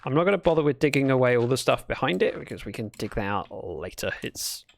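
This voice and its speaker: British male streamer, chatty, mid-pitched with some fry, animated delivery. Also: fast. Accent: British English. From Britain. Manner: chatty, thinks aloud while building, talks to chat. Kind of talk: casual livestream chat while gaming.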